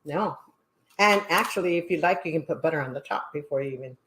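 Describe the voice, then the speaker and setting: A woman's voice: low voice, quick pace, a bit bright, slight background noise. An older woman, the host's mother, joining a casual cooking segment and agreeably offering cooking tips. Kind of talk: casual cooking show chat.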